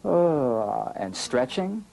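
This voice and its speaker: A man coaching a student through a relaxation and breathing exercise, giving calm, slow instructions with gentle prompts. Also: medium pitch, gravelly.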